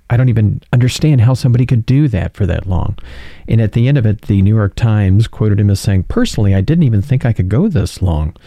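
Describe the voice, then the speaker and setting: A man's voice: on the low side, dark tone, dry recording, clean studio sound. A man hosting casual political commentary, incredulous and sarcastic, reading news quotes aloud and calling his viewers folks.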